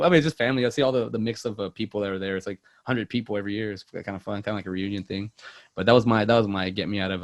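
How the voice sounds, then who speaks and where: A man's voice: on the low side, no echo. A man co-hosting a movie podcast, chatting casually and rambling with many fillers and restarts. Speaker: podcast co-host.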